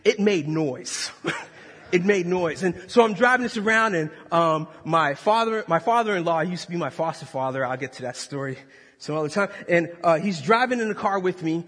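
A male pastor preaching a sermon, full of animated storytelling and acted-out voices. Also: a little high, normal speed. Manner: animated, jokey, acts out voices. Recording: long reverb of a large hall.

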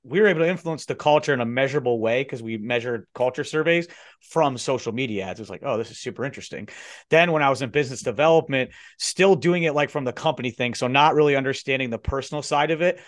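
A man hosting a podcast, chatting casually and telling his own work stories. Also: mid-range voice. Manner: quick and conversational, sharing his own stories. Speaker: podcast host. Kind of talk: casual conversation.

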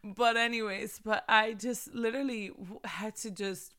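A woman in her thirties hosting a faith podcast, talking in a chatty, animated way and addressing listeners as "sis". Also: on the high side, a little slow. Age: 30s. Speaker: podcast host. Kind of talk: casual faith podcast talk.

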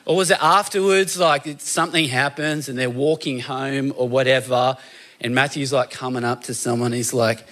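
A man preaching a sermon in a conversational, animated storytelling way, often acting out voices. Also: medium pitch, moderate pace.

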